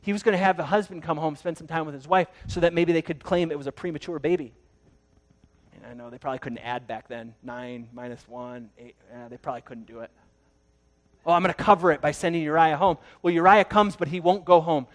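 A pastor delivering a sermon with a slightly higher-than-average voice. He tells the story dramatically, jumping from loud, fast bursts to hushed, slow words.

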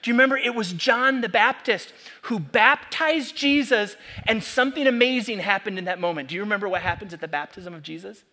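A man preaching a sermon, animated and full of rhetorical questions to the congregation. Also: high voice, brisk, few pauses. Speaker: pastor.

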